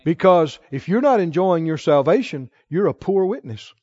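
A man preaching a sermon, telling folksy stories and delivering points with emphasis, quoting the Lord in a lower, sterner tone. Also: sing-song, moderate pace, dark tone, no echo, lo-fi sound. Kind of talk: sermon with storytelling.

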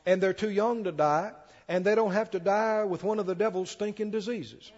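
A man's voice: sits high, moderate pace, darkish tone, in a large hall, muffled recording. A man preaching a sermon to a church congregation. He reads scripture aloud with swelling emphasis and keeps asking the congregation questions.

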